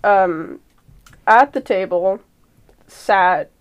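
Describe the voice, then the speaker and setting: Slow, hesitant woman player. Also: mid-range voice, clean tone, highs cut off. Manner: hesitant, trailing off, lots of "um". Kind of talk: describing her character in a tabletop game.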